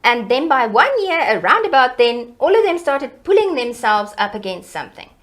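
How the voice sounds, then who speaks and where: A middle-aged woman educator, explaining child development in a lively, teacherly way in an interview. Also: normal speed. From South Africa. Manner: animated, teacherly, varies pitch and loudness for emphasis.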